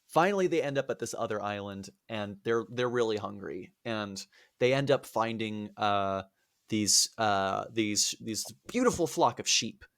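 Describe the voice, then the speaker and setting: Lively storytelling man host. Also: fairly low pitch, measured pace. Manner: animated, profane storytelling. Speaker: podcast host. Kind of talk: comedic storytelling podcast.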